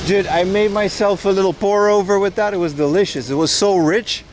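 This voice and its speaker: A man's voice: high-pitched, steady tone, fairly quick, slight background noise. A man hosting a livestream outdoors, chatting loosely and joking back at his viewers as he walks. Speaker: livestream host. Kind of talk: rambling casual chat to viewers. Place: outdoors on city streets.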